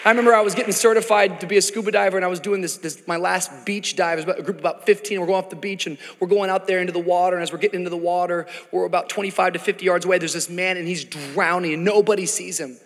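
A man preaching a sermon as pastor, dramatic and building to shouts in a large church auditorium. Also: high voice, fairly even intonation, rapid-fire, few pauses. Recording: church hall reverb, faint music.

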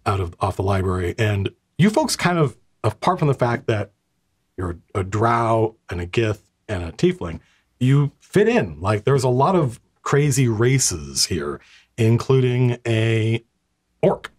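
A man's voice: mid-range voice, very animated, measured pace, breathy edge. A man narrating as game master of a tabletop game, losing his voice, describing scenes in a rambling, stop-start way.

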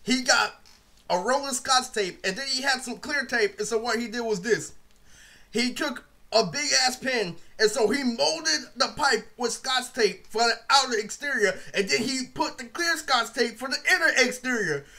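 A man's voice: very high voice, normal speed, bright, forceful tone. A young man telling a rambling, profane story in a casual vlog, full of fillers. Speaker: vlogger.

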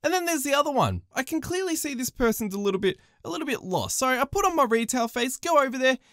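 A woman with an Australian accent narrating retail stories in an exaggerated, sarcastic, expressive way. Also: sits high, quick pace, dry recording, clean studio sound. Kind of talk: animated story-time narration.

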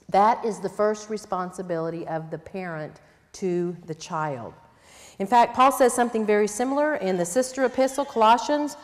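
A woman's voice: fairly low pitch, expressive, moderate pace. Older woman preaching in a reverberant hall. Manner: earnest, plain-spoken teaching with quoted asides. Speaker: conference speaker. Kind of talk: sermon. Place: church conference hall.

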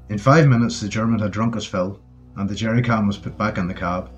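A man narrates a wartime story in a steady, low voice. The recording is dull and muffled, with faint music playing behind him. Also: fairly quick. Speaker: audiobook narrator. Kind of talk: scripted narration.

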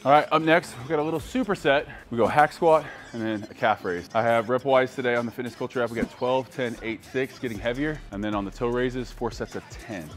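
A fitness vlogger, a man with a medium-pitched voice, chats casually while grinding through an exhausting leg day at the gym, poking fun at himself. He talks fairly quickly with few pauses, sounding worn out from training, and faint music plays behind him.

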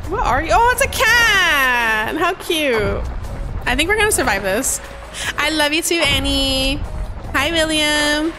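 Bubbly woman gaming host, high-pitched, chatty with her viewers, gasps at the action. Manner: bubbly, greets and thanks chat nonstop, excited gasps. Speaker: live-stream gamer host. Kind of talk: casual live-stream chat while gaming.

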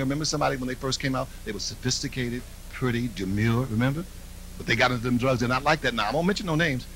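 A man's voice: mid-range voice, sharp tone, slight background noise, poor audio. A man performing a live stand-up routine, brash and mocking, with confiding asides to the crowd. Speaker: stand-up comedian. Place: comedy stage.

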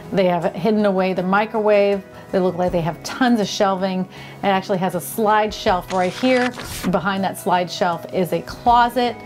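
A woman's voice: mid-range voice, darkish tone. A woman hosting a casual vlog, touring homes with gushing, enthusiastic commentary and frequent exclamations. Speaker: vlog host. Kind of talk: casual home tour commentary.

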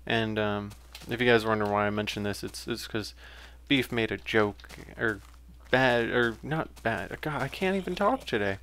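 A man's voice: fairly low pitch, moderate pace, a bit bright, slight background noise. A young man giving casual, rambling commentary while playing a game, with frequent fillers and self-corrections. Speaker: let's play gamer.

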